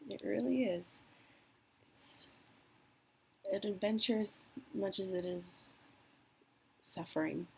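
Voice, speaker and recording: A young woman speaking candidly and emotionally in a personal vlog, with trailing pauses. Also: mid-range voice, gravelly, mellow, slight background noise, low-quality recording. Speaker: vlogger.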